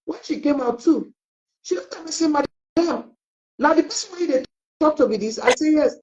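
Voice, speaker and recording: A woman's voice: high-pitched, moderate pace. A middle-aged woman, a parenting coach, telling family stories on a live online talk and acting out the dialogue. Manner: animated storyteller who acts out quoted dialogue. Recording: dull lo-fi audio.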